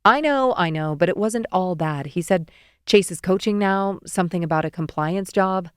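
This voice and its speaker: A woman voicing a caring, fussing middle-aged mother on the phone, brisk and gently teasing. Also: fairly low pitch, clear, resonant tone, no echo, clean studio sound, natural voice. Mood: motherly.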